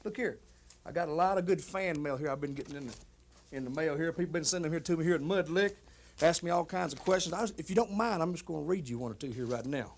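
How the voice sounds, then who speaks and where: High-voiced Kentucky drawl man. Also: fast talker. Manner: drawling, rambling country talk. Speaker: wrestler talking to fans. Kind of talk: folksy in-character chat. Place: house porch.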